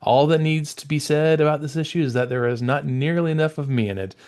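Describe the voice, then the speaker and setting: A man's voice: a little high, brisk, darkish tone, close to an everyday voice. A man voicing a haughty robot villain who looks down on humans, reading in a formal, disdainful way. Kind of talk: reading a comic page in character.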